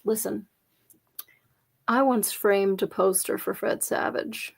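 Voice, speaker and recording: Woman, podcast co-host, casual chat, slow unhurried pace, jokey storyteller, playful. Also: medium pitch, fairly even intonation, creaky, husky. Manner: chatty, jokey storyteller, frequent laughs.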